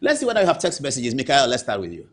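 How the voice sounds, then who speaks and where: A Ghanaian man hosting a TV political talk show, speaking in a slightly husky voice. He talks quickly, with a pitch that swings widely as he scolds and mocks. His delivery is emphatic and animated.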